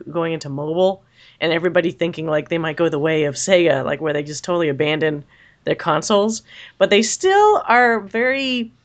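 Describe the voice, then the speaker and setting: A man's voice: high voice, a bit bright. Man, podcast co-host, casual chat, rambling delivery with frequent laughs. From United States. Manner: rambling, laughs often, self-interrupting.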